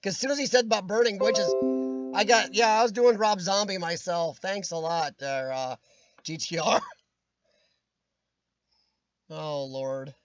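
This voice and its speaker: A man's voice: high voice, measured pace, long pauses, dull audio, soft background music. Nasal, cracking-voiced man chatting on stream. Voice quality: nasal, worn voice that sometimes cracks. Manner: rambling, jokey, laughs often. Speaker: livestream host. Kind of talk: casual chat. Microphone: webcam.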